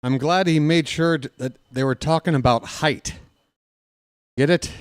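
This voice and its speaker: A man's voice: a little high, measured pace. A man hosting a casual live-stream watch-along, chatty and joking, reading chat aloud, out of breath.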